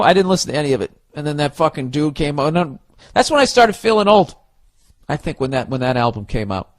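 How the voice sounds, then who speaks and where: Profane, ranting male podcast host. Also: fairly high pitch. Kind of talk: casual podcast monologue.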